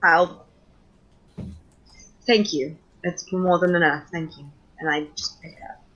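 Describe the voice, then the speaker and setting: Slow, measured woman player. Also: fairly low pitch, fairly even intonation, a bit bright. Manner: measured, slightly halting. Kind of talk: in-character tabletop play. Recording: dull lo-fi sound.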